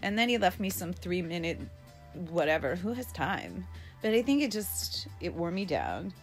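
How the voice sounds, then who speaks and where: A woman's voice: fairly low pitch, big pitch swings, normal speed, faint music behind. A middle-aged woman vlogging a casual video diary at home during quarantine, rambling and frank, swearing freely and coughing now and then.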